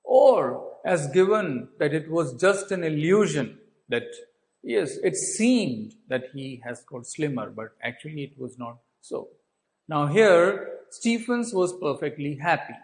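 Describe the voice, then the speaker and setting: A fairly high, sing-song male voice with an Indian English accent speaks slowly over a rough recording. He's teaching students a textbook story, posing and answering his own questions while restating points and saying "uh" and "so" often.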